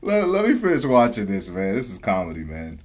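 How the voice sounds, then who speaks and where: A man's voice: lowish voice, huge pitch swings, brisk, a little hiss or hum. A young man hosting a reaction video, chatting casually and laughing often as he talks back at a clip.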